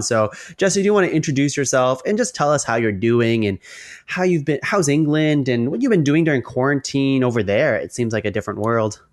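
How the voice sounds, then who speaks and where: A young man hosting a casual podcast, upbeat and laughing often as he chats with a guest. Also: mid-range voice. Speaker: podcast host. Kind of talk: casual chat.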